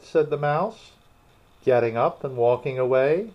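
A man narrating a storybook in a slow, expressive reading. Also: mid-range voice. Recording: dull lo-fi recording.

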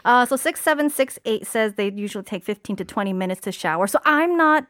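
A woman co-host on a radio talk show who speaks quickly, full of fillers and explanations. Her voice sits fairly high, and the studio sound is very dry with no echo. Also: lively intonation, a bit bright. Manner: chatty, explains things with many fillers. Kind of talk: casual radio chat.

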